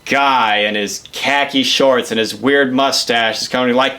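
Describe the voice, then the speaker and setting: A man's voice: medium pitch, takes it slowly, pushed and bright. A young man telling a rambling, profane story in a casual comedic way.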